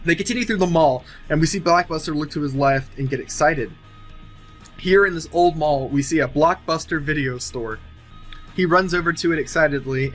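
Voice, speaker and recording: Rambling man pitching a film plot. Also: a bit bright. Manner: rambling, thinking aloud with many fillers and restarts. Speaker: movie sequel writer. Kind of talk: casual pitch-style narration of an imagined film.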